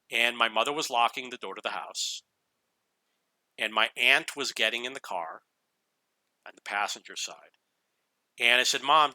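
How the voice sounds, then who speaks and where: Male gaming YouTuber, casual storyteller, chuckles and restarts; very bright tone, dry recording. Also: medium pitch, no echo. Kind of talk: casual storytelling over gameplay.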